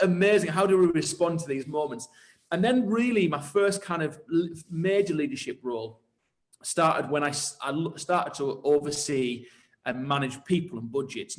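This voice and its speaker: Enthusiastic man, slightly high voice. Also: moderate pace. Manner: enthusiastic, animated storytelling with quoted thoughts. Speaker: church leader and pastor. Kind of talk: storytelling interview answers.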